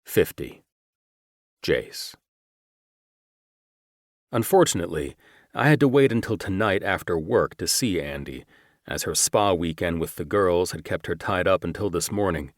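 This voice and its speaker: A male narrator reading a first-person romance audiobook with a measured, quietly menacing delivery. His voice is very deep and he takes his time over each phrase. The recording is dry and close, with no room sound. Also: expressive, no echo.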